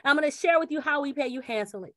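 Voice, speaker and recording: High-voiced woman giving an upbeat sales pitch. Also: rapid-fire, no room sound, clean studio sound. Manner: lively, repeats catchphrases, acts out little dialogues. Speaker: presenter pitching a referral program.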